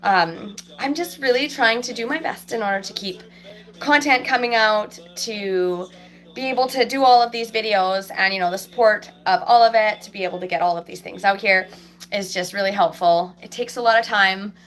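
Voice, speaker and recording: A woman's voice: mid-range voice, normal speed, a bit bright. A woman in her thirties or forties, a fabricator and vlogger, chatting casually to viewers from a small office in her workshop; she sounds stuffy from a cold and rambles with many ums. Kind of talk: casual live chat to viewers. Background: faint country music playing.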